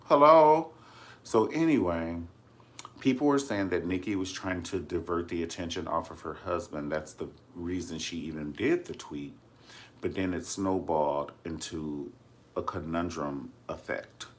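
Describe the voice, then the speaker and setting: A man's voice: low-pitched, a little slow. A man chatting casually about celebrity news in a sassy, dramatic way, often calling viewers honey. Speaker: vlogger discussing celebrity news. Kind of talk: casual chat to camera.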